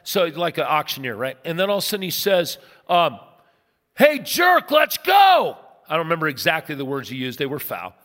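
A man's voice: fairly high pitch, fast, few pauses. A pastor in his fifties preaching a sermon, telling a personal story with acted-out voices. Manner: animated storyteller, acts out voices. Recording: long reverb in a large hall.

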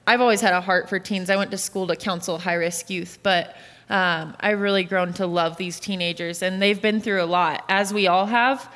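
A woman's voice: fairly low pitch, steady tone, moderate pace, a bit bright. A woman in her late twenties, a youth pastor, answering interview questions in an earnest, candid way. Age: late 20s. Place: church auditorium stage. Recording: long reverb of a large hall.

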